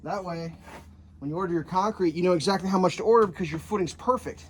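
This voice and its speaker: A man's voice: high voice, fast talker, slight background noise. A man who builds homes, talking through a casual how-to vlog at an outdoor building site while digging and scraping. He talks bluntly, jokes around and swears freely, recorded on a handheld camera. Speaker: home builder. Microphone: handheld camera, some of it filmed one-handed by himself.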